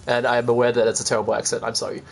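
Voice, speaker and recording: A man's voice: mid-range voice, monotone, very fast, gravelly. A man streaming a video game, rambling casually and chatting to viewers with self-deprecating asides. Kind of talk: casual gameplay commentary.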